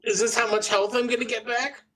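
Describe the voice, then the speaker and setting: A man's voice: extremely high pitch, flat delivery, brisk, background noise. A man playing at a tabletop game, joking sarcastically and swearing with laughter. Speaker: player. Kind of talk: casual game table chat.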